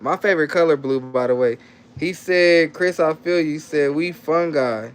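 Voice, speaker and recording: Speaking a little high with a clear, resonant tone, the man keeps a moderate pace as he hosts a laid-back livestream. He reads comments from viewers, says things over in loose slang, and coaxes his child playfully.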